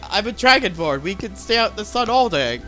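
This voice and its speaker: A man plays a wary dragonborn innkeeper in a tabletop game, haggling and faltering over his prices. The voice sits fairly high and is bright and forceful, rising and falling a lot, with faint music behind. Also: very animated, fairly quick, heavily acted, poor audio. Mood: bargaining.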